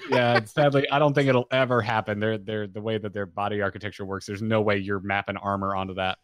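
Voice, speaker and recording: A man's voice: fairly low pitch, level tone, fast, no echo, studio quality. A man co-hosting a gaming podcast, earnest and a little wry. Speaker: podcast co-host. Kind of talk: casual gaming podcast chat.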